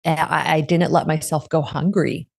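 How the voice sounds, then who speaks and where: A woman's voice: low voice, steady tone, moderate pace, gravelly, darkish tone. A middle-aged woman, a podcast guest, telling her personal story in a candid, reflective way. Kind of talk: conversational interview.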